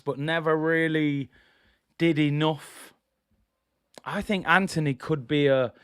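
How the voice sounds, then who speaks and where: A man hosting a live football watch-along, chatting casually and voicing firm opinions as he reads out viewer messages. His voice is smooth and fairly high, with a dry, close sound. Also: fairly bright tone, no room sound. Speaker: live stream host.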